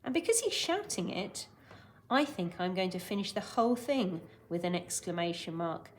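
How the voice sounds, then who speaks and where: A woman teaching a recorded school lesson with a lively, animated voice. She dictates sentences clearly, going word by word. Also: on the low side, normal speed.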